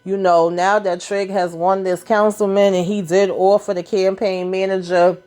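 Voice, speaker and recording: A woman's voice: mid-range voice, level tone, moderate pace, dark tone. A woman, casually recapping a TV episode in a sassy, chatty way and acting out the characters' lines. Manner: chatty, sassy, retells scenes in voices. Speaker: TV recap vlogger.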